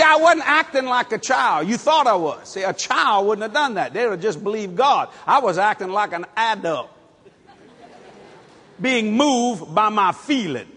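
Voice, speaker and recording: A middle-aged man from New Orleans, preaching a sermon as animated storytelling with shouted bursts and chuckles. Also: sits high, husky. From New Orleans, USA. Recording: long hall reverb.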